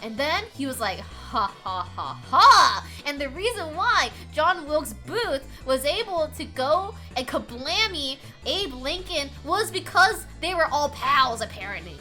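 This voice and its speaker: Young woman yapping on stream, high voice, giggles a lot, swears, soft music behind. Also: sing-song, measured pace, hardly any pauses. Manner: rambling, giggly, swears often. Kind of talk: casual chat.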